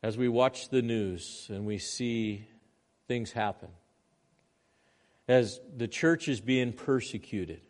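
A man preaching a sermon in church, his delivery swinging between raised, urgent lines and quiet, hushed ones. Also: medium pitch, takes it slowly, pauses often. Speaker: pastor.

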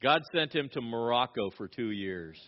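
A man's voice: medium pitch, animated, moderate pace. A middle-aged man preaching a sermon as a pastor, emphatic and repeating his key phrases, with frequent restarts. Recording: dull lo-fi recording.

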